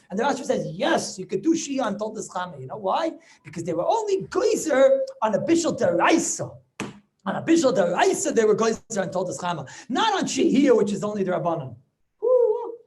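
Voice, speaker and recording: Rabbi guy teaching talmud on a video call, super expressive up and down voice, tosses in yiddish words, keeps asking the class questions. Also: high-pitched, brisk. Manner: animated, mixes Yiddish and Hebrew terms, rhetorical questions. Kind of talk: lively Torah lesson over video call.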